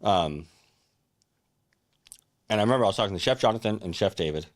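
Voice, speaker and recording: A man's voice: fairly low pitch, expressive, fairly quick. A young man, a chef, telling his career story in a casual, earnest first-person way, often restarting his sentences. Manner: earnest and reflective, with many restarts and fillers like "like" and "right?".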